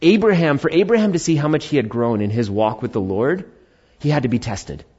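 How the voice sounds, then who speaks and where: A man preaches a sermon at a middle pitch, reading scripture and then asking and answering his own questions. He voices imagined objections in a higher tone. The recording sounds slightly muffled. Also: expressive, fairly quick, darkish tone, husky. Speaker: pastor.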